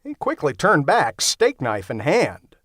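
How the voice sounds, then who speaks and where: A man's voice: fairly high pitch, huge pitch swings, a little slow, fairly bright tone, dry recording, clean studio sound. A man narrating a horror-comedy audiobook in the first person, with a wry, conversational delivery.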